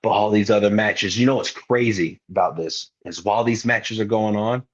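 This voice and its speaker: A young man, a wrestler appearing as a podcast guest, tells stories in a casual, slangy way and acts out what people said. His voice is lowish and moves at a normal speed, with the highs cut off.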